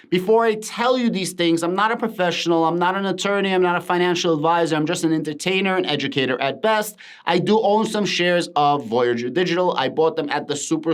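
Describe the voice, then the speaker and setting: A man with a somewhat high-pitched voice talks straight to his viewers in a casual commentary style. He leans hard on key words, often repeating them for emphasis, and sounds like he is reading out documents and explaining them as he goes. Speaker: crypto finance YouTuber.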